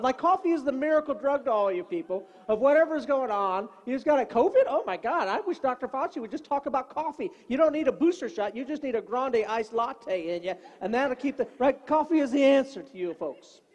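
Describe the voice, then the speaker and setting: A middle-aged male pastor preaching a sermon full of comic personal stories, in an animated, joking preacherly way. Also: very high-pitched, lo-fi sound. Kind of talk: humorous sermon storytelling.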